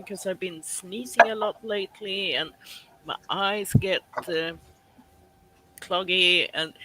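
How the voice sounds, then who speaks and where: A woman's voice: mid-range voice, pushed and bright, slight background noise, rough recording. A woman from Sweden joining a livestream call, chatting casually and giggling. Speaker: guest on a call. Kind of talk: casual chat.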